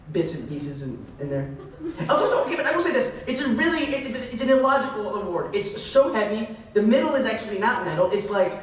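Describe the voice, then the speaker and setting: A man's voice: high voice, a little hiss or hum. A young man answering fan questions at a convention panel, rambling and restarting sentences with laughing asides. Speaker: celebrity panel guest. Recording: echoey convention hall from far off.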